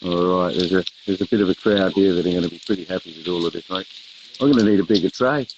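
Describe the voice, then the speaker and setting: Laid-back deep-voiced man at a grill. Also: fast talker, lo-fi sound, noisy background. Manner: easygoing, laughs often, says "mate". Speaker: co-host of a live barbecue show. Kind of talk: casual chat while grilling.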